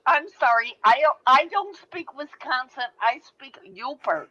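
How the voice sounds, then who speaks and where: A woman's voice: high voice, lively intonation, a little slow, bright, forceful tone. Rambling Michigan woman on a muffled line. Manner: rambling, jokey, swearing. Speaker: panelist. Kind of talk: casual chat. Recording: muffled lo-fi audio.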